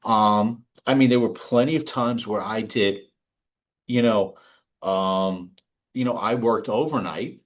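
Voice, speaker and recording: A man's voice: on the low side, slow. Chatty middle-aged man telling anecdotes. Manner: rambling, anecdotal, frequent restarts and laughs. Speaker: guest. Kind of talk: casual interview talk. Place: home or office.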